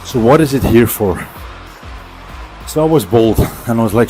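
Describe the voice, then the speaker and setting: A man's voice: lowish voice, expressive, normal speed, darkish tone, soft background music, poor audio. Chatty man, winded mid-workout. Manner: rambling, chatty storytelling. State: slightly out of breath from cycling. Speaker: vlogger. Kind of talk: casual storytelling during a workout. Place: indoor training setup at home.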